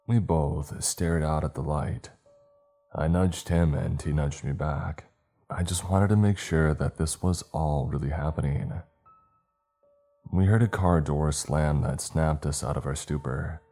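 Deep dark guy narrating a scary story slow and ominous, faint music under it. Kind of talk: scripted horror narration.

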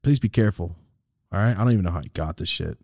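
A man's voice: deep voice, racing, gravelly, dry recording, studio quality. A man hosting a podcast, chatting casually and swearing a lot, telling stories and acting out what people said. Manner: animated storytelling, swears a lot, acts out quotes. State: recovering from a sinus infection. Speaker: podcast host.

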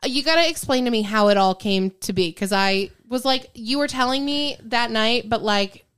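A woman's voice: a little high, moderate pace, smooth. A woman co-hosting a podcast, chatting casually and loosely with lots of fillers. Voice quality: relaxed, filler-heavy, laughs along. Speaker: podcast co-host. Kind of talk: casual chat.

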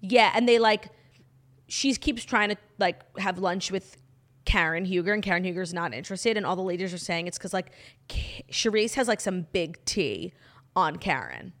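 Woman cohost gossiping fast, swears a lot, super casual chat. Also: lowish voice, lively intonation, a bit bright. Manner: gossipy, quick, swears freely. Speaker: podcast co-host.

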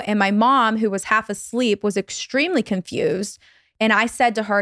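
A woman's voice: mid-range voice, fairly even intonation, dry recording. Woman reading a spooky story, dry sound. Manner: reads a listener's story slowly and dramatically. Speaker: podcast guest telling a scary story. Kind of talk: casual storytelling on a video call. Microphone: video call.

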